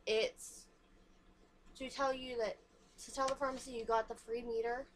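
A woman's voice: on the high side, flat delivery, moderate pace. Chatty young woman with a faint hiss behind her. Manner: chatty, frank, shows items to camera. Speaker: vlogger. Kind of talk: casual chat.

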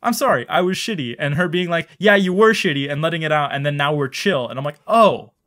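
A man's voice: fairly high pitch, lively intonation, fast talker, a bit bright. A young man co-hosting a comedy advice podcast, reading listener letters and joking around with plenty of swearing. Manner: jokey, reads listener letters, profane. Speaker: podcast co-host.

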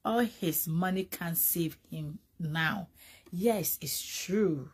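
A woman with a Ghanaian accent giving animated, casual gossip commentary, mixing English with Twi and often repeating words. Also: on the low side, slow, slightly rough. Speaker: entertainment vlogger.

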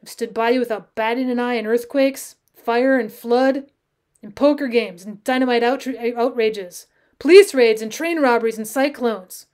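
Lady reading as a frazzled old-west outlaw guy, loud, shaky nerves, higher voice. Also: normal speed, natural voice. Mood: rattled. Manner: loud, rattled, pleading. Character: nervous rough grown man, an outlaw kidnapper.

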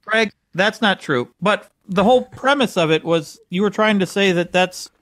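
A man's voice: high-pitched, normal speed, fairly bright tone, dry recording, clean studio sound. A man co-hosting a comedy podcast, playing the skeptical straight man who keeps questioning his partner. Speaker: podcast co-host. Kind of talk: improvised comedy banter.

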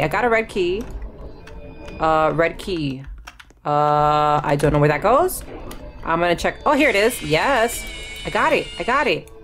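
A woman hosting a gaming channel, giving excitable play-by-play commentary to herself with sudden shrieks. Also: on the low side. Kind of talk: live gameplay commentary.

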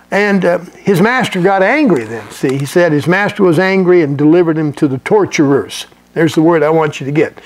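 Folksy high-voiced preacher man. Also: moderate pace. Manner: folksy, conversational, with frequent restarts and chuckles. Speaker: pastor. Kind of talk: sermon teaching.

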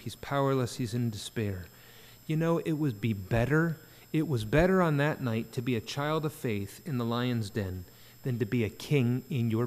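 A man preaching an earnest sermon at a church prayer meeting, rising to emphatic peaks. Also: mid-range voice. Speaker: pastor. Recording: church sanctuary with long reverb.

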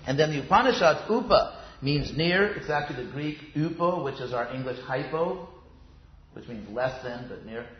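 A man gives a relaxed, wandering lecture on yoga philosophy, trailing off into asides and restarting his sentences. His voice sits in a middle pitch. The recording is roomy and a little muffled, as if taken in a classroom. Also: normal speed. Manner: chatty, digressive, many fillers and restarts. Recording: roomy, dull sound.

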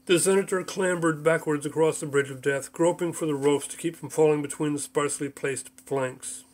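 A man reading his own book aloud as audiobook narration, with mild voice shifts for the characters. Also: a little high.

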